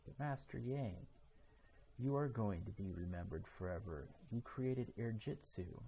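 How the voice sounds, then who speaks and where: A man's voice: fairly low pitch, lively intonation, unhurried, dark tone, a little hiss or hum. A man reading the part of a stubborn young ninja who has become a ghost, in an earnest storybook voice. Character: determined young male ninja hero turned ghost. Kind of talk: reading a children's storybook aloud.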